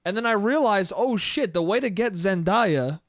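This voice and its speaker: A man's voice: high voice, animated, moderate pace, no echo, clean studio sound. A man hosting a solo comedy podcast, rambling and profane, often laughing at his own jokes. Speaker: podcast host.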